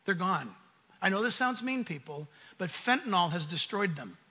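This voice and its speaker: A man preaching a sermon at a conference in an American accent, animated and acting out the voices he quotes. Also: sits high, moderate pace, husky. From United States. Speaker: pastor. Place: conference hall.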